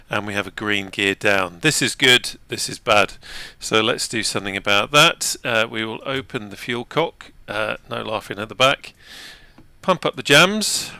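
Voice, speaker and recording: A man's voice: fairly low pitch, creaky, bright, forceful tone, no room sound. Chatty man narrating a flight sim. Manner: chatty, self-deprecating, talks while operating controls. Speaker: flight sim video host. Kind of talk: casual gameplay narration.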